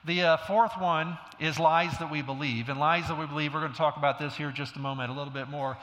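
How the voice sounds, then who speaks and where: A man's voice: on the high side, fairly even intonation, quick pace, a bit bright. A middle-aged male pastor preaching a sermon, telling stories in a conversational way with self-deprecating humor. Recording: long hall reverb.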